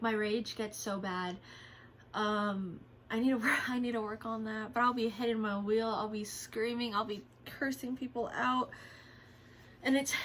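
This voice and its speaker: A woman's voice: a little high, slight background noise. A young woman vlogging from home, talking in a candid, rambling way and venting about her day with lots of fillers. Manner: candid, rambling, vents frustration with frequent fillers. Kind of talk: casual vlog chat.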